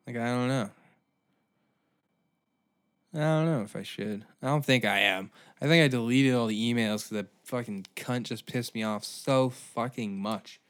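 This man, hosting a podcast, delivers a profane comedic rant in a mid-range voice at a moderate pace. He swears nonstop, wanders from point to point, and keeps bursting out in exaggerated fashion.

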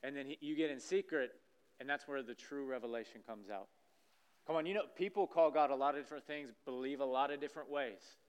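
A man at mid pitch preaches a church sermon with a smooth, resonant voice. He talks animatedly and acts out the scenes he describes. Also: a little fast. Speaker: pastor. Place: church sanctuary stage.

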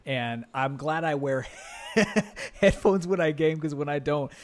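A man's voice: on the high side, measured pace. A man co-hosts a gaming podcast in a chatty, upbeat way. He laughs easily while he talks through console news and game tips. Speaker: podcast co-host. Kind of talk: casual gaming podcast chat.

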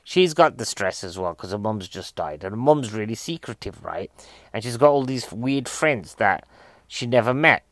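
A man's voice: lowish voice, lively intonation, moderate pace, fairly bright tone, dry recording. Comedian guy rambling on, keeps asking you questions, goes off on tangents, dry close sound. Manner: chatty, asks the audience questions, goes off on tangents. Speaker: stand-up comedian reviewing a film. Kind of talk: rambling comic monologue.

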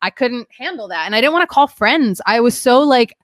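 A woman's voice: on the high side, expressive, brisk, hardly any pauses, fairly bright tone, dry recording. Young woman, candid guest, rambling, lots of fillers, dry close sound. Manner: rambling, heavy use of "like", emotional. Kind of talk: candid personal storytelling.

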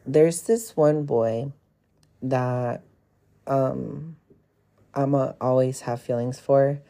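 Casual podcast host, man in his 20s, dark and husky-edged tone, rambling confessional storytelling with lots of "like" and "um". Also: medium pitch. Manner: frank, profane, rambling with many fillers.

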